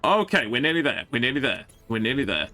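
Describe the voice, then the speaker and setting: Jokey excitable man streaming. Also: mid-range voice, fast, faint music behind. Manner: jokey and excitable, stumbling restarts. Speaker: streamer playing a strategy game. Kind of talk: casual live-stream commentary.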